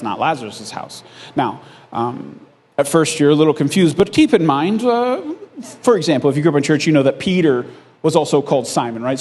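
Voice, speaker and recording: A man preaching a sermon in a conversational, storytelling way, often checking in with the congregation and chuckling along the way. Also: a little high. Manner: conversational storytelling, frequent "right?" asides; animated, chuckling at his own lines. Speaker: pastor.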